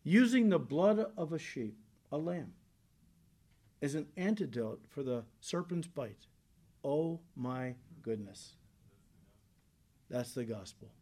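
A male pastor giving a conversational sermon, rising into emphatic bursts and dropping low and soft on solemn points. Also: lively intonation, slow pace, pauses often.

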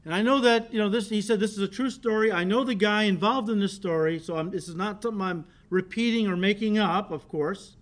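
High-voiced man preaching a sermon. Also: fairly quick, few pauses. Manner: storytelling with animated shifts in volume, laughing. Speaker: pastor.

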